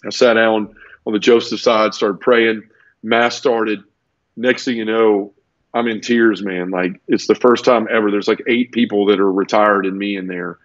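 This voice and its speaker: A man's voice: fairly low pitch, fairly even intonation, moderate pace, no echo, dull audio. A man earnestly telling his personal conversion story in a conversational interview, tumbling through it with restarts. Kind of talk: conversational testimony.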